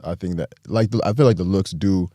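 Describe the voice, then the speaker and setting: A man's voice: low voice, a little fast, dark tone, dry recording, clean studio sound. An American man hosting a podcast in casual, laid-back chat, laughing easily. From United States. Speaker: podcast host.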